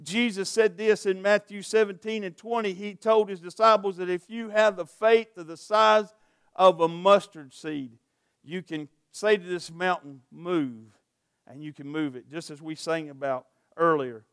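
A man's voice: sits high, steady tone, moderate pace, fairly bright tone, clear, resonant tone, no echo, clean studio sound. A middle-aged man preaching a sermon as pastor, reading scripture and building to earnest urgency. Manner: preaching with rising intensity, scripture readings, light jokes.

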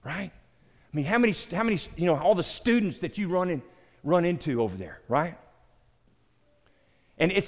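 A middle-aged Southern man preaching in an easy, conversational way, slightly high-voiced for a man. He repeats himself and turns to listeners by name. His voice rings out with a long hall reverb. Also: very animated, normal speed, long pauses. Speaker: pastor. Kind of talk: sermon-style teaching.

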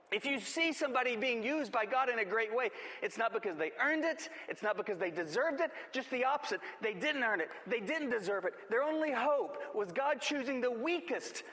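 A man's voice: very high-pitched, fairly bright tone, big-room sound. A male pastor preaching a sermon and reading a rhymed poem aloud, building emphasis as he goes.

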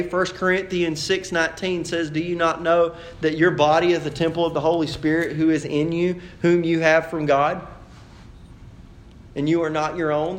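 Pastor preaching in an echoey hall. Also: male voice, a little high. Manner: conversational preaching, builds to loud animated emphasis. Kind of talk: sermon.

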